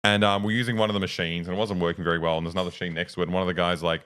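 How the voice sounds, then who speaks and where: A man's voice: sits low, level tone, very fast, hardly any pauses, fairly bright tone, smooth. A young Australian man co-hosting a casual podcast chat, swearing freely and laughing often. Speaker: co-host.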